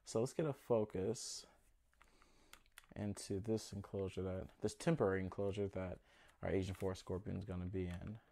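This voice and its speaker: A young man with a lowish voice talks through a home vlog in a chatty, easygoing way. He sounds a little nervous and often speaks straight to his animals as he works. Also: fairly even intonation, moderate pace, vocal fry, mellow. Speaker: pet keeper vlogger. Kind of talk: casual hands-on vlog narration.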